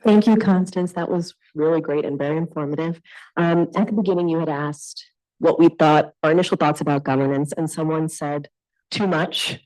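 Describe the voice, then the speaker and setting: A woman's voice: deep voice, steady tone, moderate pace, warm tone, rough recording. A woman in the audience asking a presenter a question at a conference, politely and with some hesitation. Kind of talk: question from the floor. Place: conference room.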